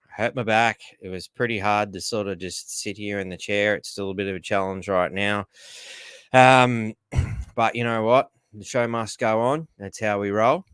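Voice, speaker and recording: A man's voice: lowish voice, fairly even intonation, unhurried, a bit bright, smooth, dry recording, studio quality. An Australian man hosting a casual livestream, rambling and greeting viewers by name, a little groggy from painkillers. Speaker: livestream host.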